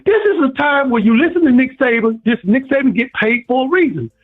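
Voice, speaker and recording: A man's voice: expressive, fairly quick, soft background music. A man calling in to a sports radio show, preaching and repeating himself. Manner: preachy, repeats himself, swings high and low. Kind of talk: impassioned call-in rant. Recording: tinny phone line.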